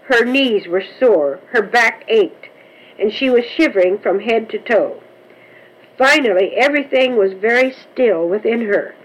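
Slow gentle woman storyteller. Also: fairly high pitch, animated, rough recording. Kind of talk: storybook narration.

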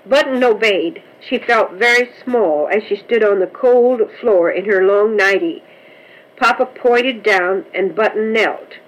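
A woman reading a children's story aloud in a gentle, measured way. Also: medium pitch, poor audio. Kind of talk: storybook narration.

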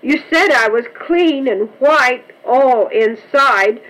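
A woman's voice: high voice, slow, fairly bright tone, voice pushed up, exaggerated voice, rough recording. A woman voicing a tearful little girl under ten who pleads with her father. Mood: pleading. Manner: pleading, sobbing.

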